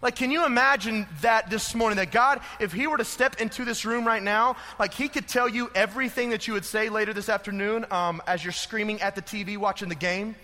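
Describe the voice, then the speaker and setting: A man's voice: sits high, fairly quick, few pauses, pushed and bright. A man preaching a sermon, reading scripture and then explaining it in a casual, conversational way with filler words, in a church sanctuary. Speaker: pastor. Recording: long hall reverb.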